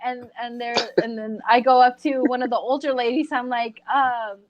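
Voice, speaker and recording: A woman co-hosting a casual podcast chat, telling an animated story and acting out the voices of the people in it. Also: on the high side, moderate pace, highs cut off, a crowd in the background. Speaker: podcast co-host.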